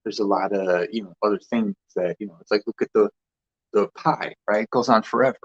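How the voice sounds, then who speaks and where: A man's voice: lowish voice, brisk, breathy edge, dull audio. A man hosting a casual spiritual talk, rambling loosely with restarts and short laughs. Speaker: spiritual vlogger host.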